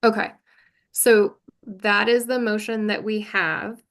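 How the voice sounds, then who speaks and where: A woman's voice: mid-range voice, little pitch movement, takes it slowly, a bit bright. Woman chairing a virtual meeting. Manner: careful procedural, thinking aloud. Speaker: board chair.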